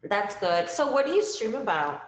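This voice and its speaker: A woman's voice: mid-range voice, big pitch swings, normal speed, echoey room. A woman hosting a casual live-stream talk show, upbeat and chatty with lots of fillers. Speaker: livestream show host.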